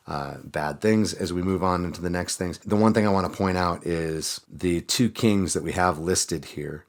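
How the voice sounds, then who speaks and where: A man, a pastor, casually retelling Bible stories in a relaxed way, with plenty of fillers. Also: sits low. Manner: relaxed storytelling with frequent fillers. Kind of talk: casual Bible reading reflection.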